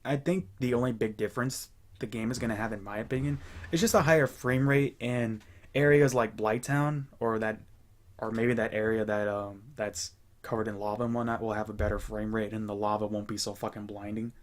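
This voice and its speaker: A young man chatting casually as host of a gaming channel, rambling and relaxed with many fillers and restarts. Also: fairly low pitch, brisk. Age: young adult. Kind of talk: casual chat.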